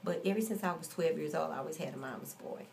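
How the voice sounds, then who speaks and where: A woman's voice: low-pitched, fast talker, creaky, darkish tone, slight background noise. A woman in her forties telling a story in a casual, blunt and profane rant. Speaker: vlogger.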